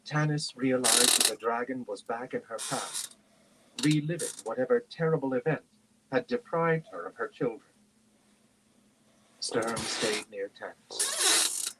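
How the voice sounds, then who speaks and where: A man reading a fantasy novel aloud on a stream, in a steady, lightly expressive narration. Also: mid-range voice, measured pace, pauses often, heavy background noise. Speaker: reader on a book stream.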